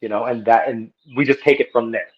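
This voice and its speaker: A man in his thirties talking in an earnest, animated way in a casual podcast conversation, as a guest martial arts instructor on a video call. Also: mid-range voice, a little fast, dull audio. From Texas.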